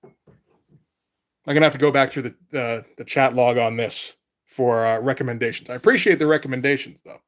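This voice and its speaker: A man's voice: mid-range voice, normal speed. A man chatting casually on a live stream as a comic artist, rambling and laid-back, with casual swearing.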